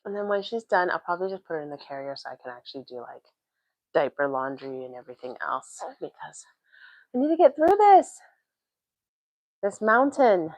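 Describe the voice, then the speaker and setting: Young mom host, casual livestream chat from home, lowish voice, very dry close sound. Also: female voice, big pitch swings, brisk, a little mellow, dry recording, highs cut off. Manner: chatty, frequent "like" fillers. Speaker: parenting vlogger. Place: home, doing chores. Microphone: livestream mic.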